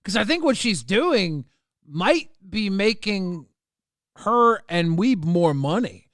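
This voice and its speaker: A man's voice: high-pitched, very animated, slow, a bit bright, no room sound, clean studio sound. A man hosting a casual streamed chat, often repeating words as he talks. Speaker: host.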